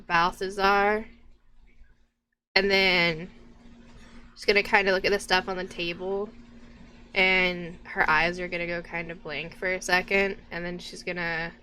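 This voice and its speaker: A woman's voice: on the low side, bright, forceful tone, a little hiss or hum. A woman playing a tabletop game, describing her character's actions and teasing the other players. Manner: teasing, playful.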